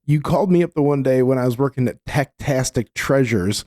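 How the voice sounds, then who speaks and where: A man's voice: mid-range voice, fairly quick, darkish tone, no echo, clean studio sound. A man co-hosting a podcast in casual chat, laid-back and teasing, with casual swearing. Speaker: podcast co-host.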